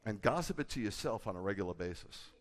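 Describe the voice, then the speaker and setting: A man who is a rabbi, preaching a sermon emphatically and shifting between loud bursts and low confiding asides. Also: lively intonation, quick pace. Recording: echoey hall with a long tail.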